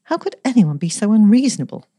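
A woman's voice: medium pitch, very animated, fast, warm tone, no echo, clean studio sound, pitched above the performer's own voice. A woman voicing a tearful, petulant young office girl who pleads and whines. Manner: whiny, pleading, breathless.

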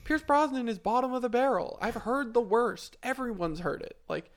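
A man's voice: very high voice, moderate pace. A man co-hosting a podcast, giving a blunt, opinionated take on a movie in casual chat. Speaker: podcast co-host.

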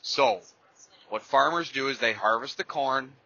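A man's voice: mid-range voice, lively intonation, a little slow, vocal fry, bright, forceful tone, no echo. A man hosting a podcast, telling stories and ranting bluntly and profanely in a rambling, casual way. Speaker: podcast host. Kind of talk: casual storytelling rant. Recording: dry, slightly dull lo-fi recording.

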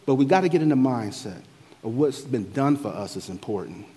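Husky-voiced preacher in a reverberant hall. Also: male voice, animated, a little fast, dark tone. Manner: rises and falls in pitch and force, preaching cadence. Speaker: pastor. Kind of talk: sermon.

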